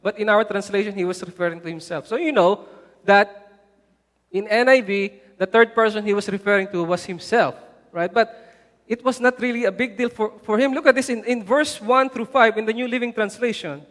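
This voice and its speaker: High-voiced male pastor in a reverberant church. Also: brisk. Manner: animated preaching, rising loud for emphasis; conversational, frequent "right?" asides. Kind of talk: sermon. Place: church hall. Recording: long church-hall reverb.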